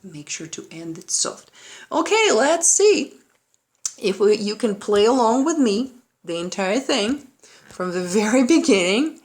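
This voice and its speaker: A woman's voice: mid-range voice, very animated, a little slow. A woman giving a patient play-along piano lesson at home, coaching with frequent "okay?" checks. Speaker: piano teacher. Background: piano playing.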